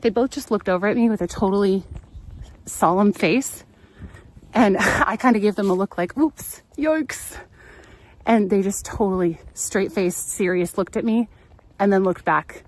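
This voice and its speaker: A woman's voice: mid-range voice, fairly even intonation, normal speed. A woman travel vlogger telling a story outdoors in casual live-stream chat, laughing often and leaning on filler words, recorded on a handheld phone.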